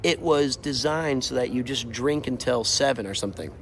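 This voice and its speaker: A man's voice: mid-range voice, moderate pace, creaky, a little hiss or hum. Man ranting animatedly about a trip. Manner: animated, exasperated storytelling with acted-out quotes. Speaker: streamer. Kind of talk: casual storytelling while walking. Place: outdoors, walking. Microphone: mobile mic while walking.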